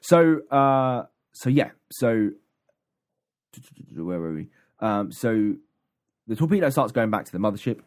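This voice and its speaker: Podcast co-host, male, low-pitched, loose rambling recap delivery. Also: lively intonation, a little slow, long pauses, darkish tone. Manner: rambling, many ums and restarts. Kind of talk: casual chat recapping an audiobook.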